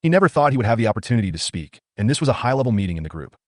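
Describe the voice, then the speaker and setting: A man narrating a manga recap in a brisk, steady storytelling read. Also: mid-range voice, no echo, clean studio sound.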